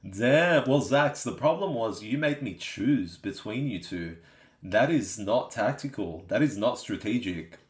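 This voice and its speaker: An Australian man hosts a live stream and chats casually with his viewers. His voice sits low, and he keeps asking "you know what I mean?" The room around him is echoey. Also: expressive, a little slow, darkish tone. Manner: chatty, laid-back, says "you know what I mean" often.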